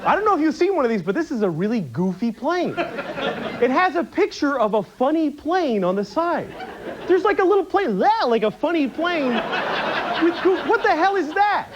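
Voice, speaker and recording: Comic, male, lively pitch swings, mock-indignant rambling bits, muffled broadcast sound with a loud studio audience behind. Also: moderate pace, crowd noise, noisy background. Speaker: stand-up comedian. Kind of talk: stand-up routine. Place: television studio stage.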